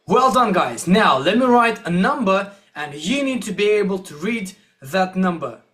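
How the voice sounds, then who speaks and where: A man teaching English, giving a slow, encouraging classroom-style lesson and repeating words for learners. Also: high voice, very animated, a bit bright.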